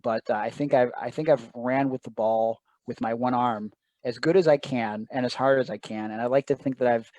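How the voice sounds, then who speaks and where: A man's voice: medium pitch, steady tone, a little fast, hardly any pauses, darkish tone, no room sound. A man telling a personal story as an interview guest, earnest and emotional, often quoting others in asides.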